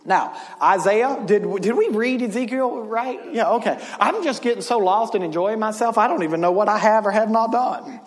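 A man preaching a sermon as pastor in a church, in an impassioned style that builds to shouting. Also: high voice, moderate pace, few pauses, big-room sound.

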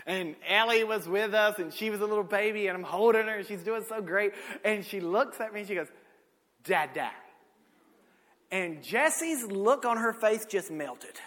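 A man, preaching a sermon with folksy stories, swinging from shouted peaks to low asides. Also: normal speed, few pauses. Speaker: pastor. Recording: echoey hall.

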